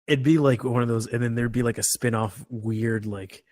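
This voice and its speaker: A man's voice: medium pitch, steady tone, moderate pace, darkish tone, dry recording. A man co-hosting a casual movie podcast, joking and rambling with lots of filler words. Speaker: podcast co-host. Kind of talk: casual chat.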